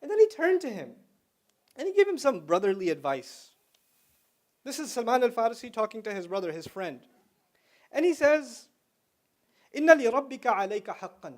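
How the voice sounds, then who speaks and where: High-voiced man giving a casual lecture. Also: a little mellow. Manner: conversational, explains terms, slips into slang. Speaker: Islamic lecturer. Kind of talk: lively religious lecture to students.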